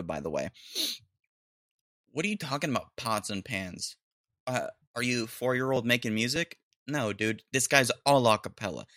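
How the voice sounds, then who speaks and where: Excitable, bright-voiced podcast host guy. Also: medium pitch, dry recording, clean studio sound. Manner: excitable, breaks into laughter, loose slangy talk. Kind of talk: casual reaction commentary.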